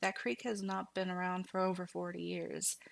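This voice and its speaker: A woman reading a horror story aloud as scripted narration in a hushed manner that slips into whispers. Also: on the low side, flat delivery, normal speed, vocal fry.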